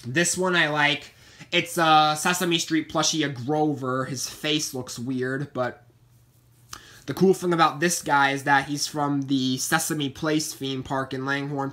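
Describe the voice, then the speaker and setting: A man's voice: on the high side, sharp tone. A man casually rambling through a show-and-tell of his plush toy collection, chatty and meandering, often repeating himself.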